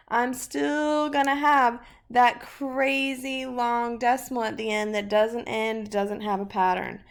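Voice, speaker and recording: A woman's voice: a little high, creaky. A woman teaching a math lesson in a casual way, thinking aloud through examples in an upbeat, chatty manner.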